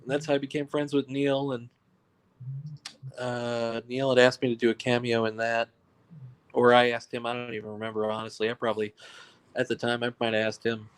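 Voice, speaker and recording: Brief: man from New York, guest director, chatty and teasing, mid-pitched everyday voice. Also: flat delivery, fairly quick, clean tone. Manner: joking, ball-busting, laughs at own stories. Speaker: guest filmmaker. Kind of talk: casual interview storytelling.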